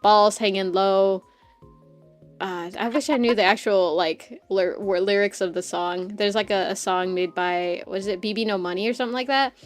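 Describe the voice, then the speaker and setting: A woman streamer chatting casually while she draws, loud and crude, rambling and laughing often. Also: mid-range voice, fairly quick, few pauses, soft background music.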